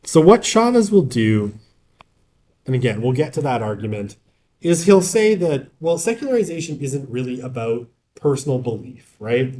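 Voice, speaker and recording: A man's voice: medium pitch, sing-song, normal speed, mellow. A man giving a casual university lecture in a classroom. He keeps checking in with the class by asking "right?" and drifts into joking asides.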